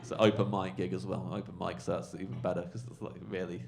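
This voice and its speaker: A male comedian telling a rambling, animated anecdote on a podcast, full of fillers. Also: deep voice, fast, gravelly, over a noisy crowd. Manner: rambling, animated storytelling, lots of fillers and swearing. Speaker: comedian guest.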